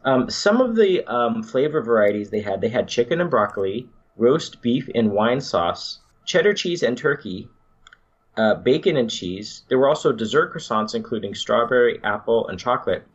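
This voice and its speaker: A man's voice: mid-range voice, sing-song, moderate pace, breathy edge, muffled recording. A man hosting a podcast, chatting casually and enthusiastically with some rambling restarts. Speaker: podcast host.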